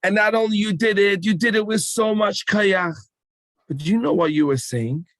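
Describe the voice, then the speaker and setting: A man's voice: high-pitched, normal speed, fairly bright tone, dry recording. A man giving an emphatic call-and-response talk to children at a rally. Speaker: speaker addressing children.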